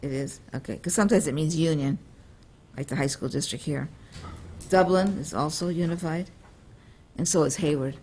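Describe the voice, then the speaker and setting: Gravelly man asking questions at a board meeting. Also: fairly high pitch, moderate pace, a little mellow, slight background noise. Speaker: board member. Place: school board meeting room.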